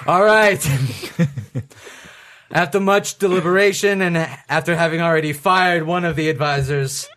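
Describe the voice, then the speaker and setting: A man's voice: high-pitched, fairly even intonation, moderate pace, sharp tone, smooth. A man hosting a comedy podcast improvisation, brash and playful, laughing often as he leads the game.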